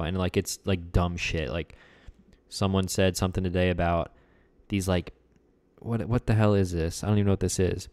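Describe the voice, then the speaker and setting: Young man, podcast co-host, low pitch, smooth clean tone, laid-back, joking, casual chat. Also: fairly even intonation, moderate pace, a little mellow.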